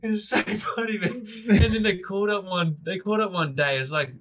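A man's voice: high-pitched, brisk, fairly bright tone. A man co-hosting a podcast, telling stories in casual chat, laughing and swearing often. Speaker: podcast co-host.

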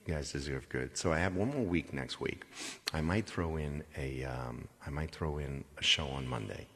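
A man's voice: rumbling low, normal speed, a bit bright, big-room sound. A man hosting a live online music stream, chatting casually to his viewers in a rambling, chuckly way and repeating himself. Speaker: livestream singer and host.

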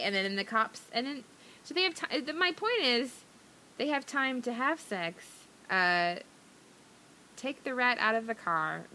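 A woman's voice: on the high side, sharp tone, a little hiss or hum. A woman co-hosting a podcast, recapping a movie plot in rambling casual chat with lots of fillers and giggles. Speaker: podcast co-host.

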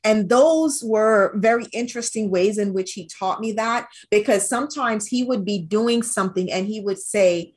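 A woman guest on an interview podcast, telling stories in an animated, expressive way. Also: mid-range voice, normal speed, hardly any pauses, slightly rough. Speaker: interview guest, brand strategist. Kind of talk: casual interview.

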